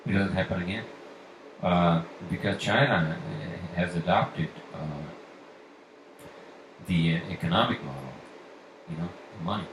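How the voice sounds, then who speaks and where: A man hosting a solo podcast, ranting with heavy swearing and pushing his voice up toward near-shouting. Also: low-pitched, measured pace, pauses often. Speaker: podcast host. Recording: echoey room, far from mic, faint noise.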